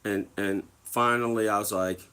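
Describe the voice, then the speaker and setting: A man's voice: lowish voice, fairly even intonation, moderate pace, sharp tone, clear, resonant tone. A young man telling stories casually to his viewers, swearing freely and acting out other people's voices. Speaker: livestreamer.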